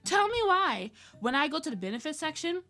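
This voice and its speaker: A woman's voice: high-pitched, big pitch swings, fairly quick, bright, forceful tone, soft background music. A young adult woman chatting casually on her art livestream, laughing often with nervous, giggly energy. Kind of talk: casual chat while drawing.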